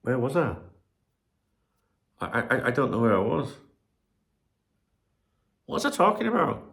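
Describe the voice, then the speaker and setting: Gravelly male host, middle-aged, rambling home chat with lots of swearing and a lively, bouncing delivery. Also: mid-range voice, a little slow. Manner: rambling, swears freely, loses his train of thought. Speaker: channel host. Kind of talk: casual rambling chat to camera. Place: home room where he streams.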